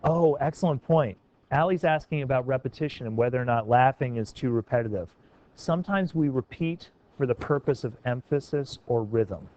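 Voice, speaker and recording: A man's voice: mid-range voice, normal speed, a little mellow, dull audio. A man teaching a class, calling on students by name and coaxing them to try sentence revisions. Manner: encouraging, questioning students by name.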